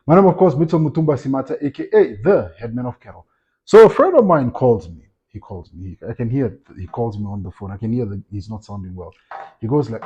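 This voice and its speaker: A man's voice: medium pitch, fairly quick, highs cut off. A man, a farming vlogger, telling a casual story and acting out the other voices, often stumbling and restarting his words. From Namibia. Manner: animated, acts out quoted voices, frequent repeated restarts.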